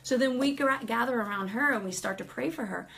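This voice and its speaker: Woman telling a church story, lively, laughs a lot, slightly high voice. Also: fairly quick, vocal fry. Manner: animated, laughing often, acting out quotes. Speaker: ministry speaker telling a story. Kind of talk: casual storytelling testimony.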